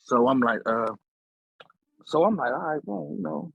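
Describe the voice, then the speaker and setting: Man, guest storyteller, husky higher voice, dull dry lo-fi sound, animated delivery. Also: moderate pace, dry recording. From Philadelphia. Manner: animated, acts out quotes with big pitch jumps. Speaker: podcast guest. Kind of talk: casual storytelling.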